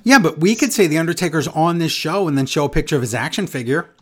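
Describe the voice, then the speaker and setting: A man's voice: a little high, expressive, fast. A man co-hosting a casual wrestling podcast, talking in a sarcastic, exasperated way. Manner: sarcastic, exasperated, mocking impressions. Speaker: podcast co-host.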